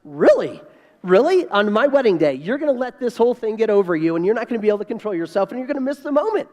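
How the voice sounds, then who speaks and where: A man's voice: high voice, lively intonation, darkish tone, in a large hall, lo-fi sound. A man doing an exasperated young bride. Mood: incredulous. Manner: incredulous, rapid scolding. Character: exasperated young bride scolding her groom.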